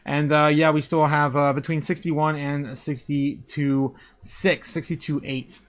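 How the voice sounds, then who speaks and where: Crypto stream host guy, kinda high voice, laughs a lot, says everything twice. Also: little pitch movement, unhurried. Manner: chuckles often, greets chat by name, repeats phrases. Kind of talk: casual live chat and chart commentary.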